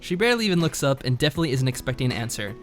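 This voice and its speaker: Over faint background music, a medium-pitched man speaks very fast while streaming a visual novel. He chats easily and brings lively inflection to the narration he reads aloud.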